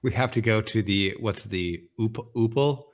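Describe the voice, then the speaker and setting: Brief: very low-voiced man, thoughtful, candid, musing aloud. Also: normal speed. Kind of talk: casual podcast discussion.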